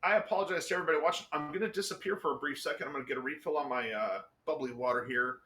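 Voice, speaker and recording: A man co-hosting a casual livestream chat, loud and laughing often, with plenty of swearing. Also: on the high side, rapid-fire. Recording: roomy echo.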